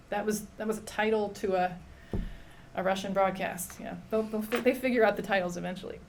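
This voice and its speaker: A woman's voice: medium pitch, steady tone, a little fast, slight background noise. A woman giving an academic history lecture in a conversational way, with frequent "um" fillers and restarts. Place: lecture hall.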